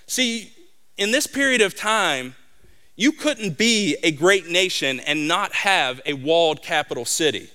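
Bright-voiced, high-pitched male preacher. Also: a little slow. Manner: animated storytelling, acts out voices. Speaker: pastor. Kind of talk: sermon.

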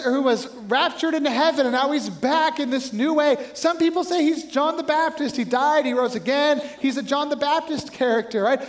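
A male pastor preaching a sermon in a conversational way, telling stories and often asking "right?". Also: very high voice. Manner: conversational, animated storytelling with frequent "right?".

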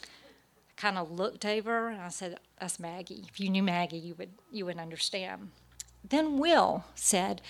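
A woman's voice: mid-range voice, measured pace, gravelly. A middle-aged woman giving a personal testimony to a church audience, storytelling with frequent hesitant fillers. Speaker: speaker at a church gathering.

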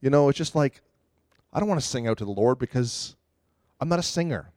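A man's voice: medium pitch, animated, a little fast, a little mellow, no room sound, studio quality. A man preaching a conversational sermon, earnest, and acting out quotes and little prayers as he goes. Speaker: pastor.

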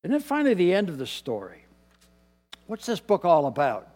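A man preaching a sermon as pastor, moving between quiet, dropped asides and loud, emphatic lines. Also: high voice, wildly swooping pitch, moderate pace. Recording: long hall reverb.

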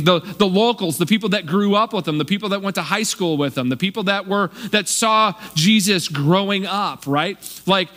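Man, preacher, high-pitched, conversational sermon, animated, faint hum behind. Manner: animated, acts out townspeople's voices. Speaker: pastor.

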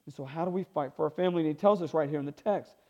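A man's voice: on the high side, rapid-fire, a little mellow, dull audio. A male pastor preaching a sermon, emphatic and repetitive, calling for responses from the congregation.

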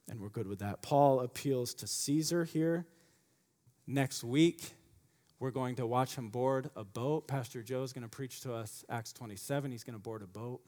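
A man preaching a sermon as pastor, swinging from loud emphatic questions to soft, low asides. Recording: long reverb of a large hall.

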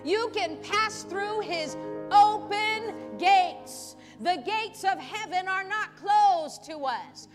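A woman pastor preaching a sermon at a church service, animated and acting out pleading voices, laughing often. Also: very high-pitched, slow, long reverb tail, music in the background.

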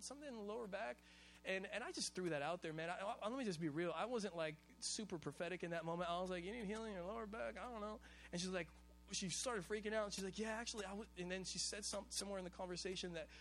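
A high-pitched male pastor from Hawaii delivers a sermon in a loose, conversational manner, telling stories with casual slang. A faint hum runs under the recording. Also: a bit bright.

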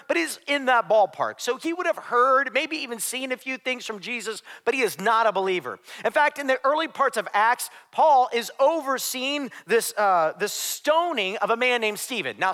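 Bright high-voiced male pastor preaching. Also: in a large hall. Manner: emphatic, conversational preaching with side notes. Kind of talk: sermon. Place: church sanctuary.

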